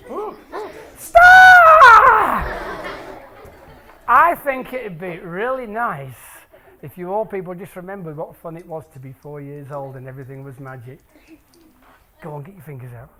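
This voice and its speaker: A man's voice: high voice, pushed and bright. A man from England, presenting a jokey maths show to a family audience in a lecture hall. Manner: playful, jokey, teasing the crowd. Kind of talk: lively talk to a family audience.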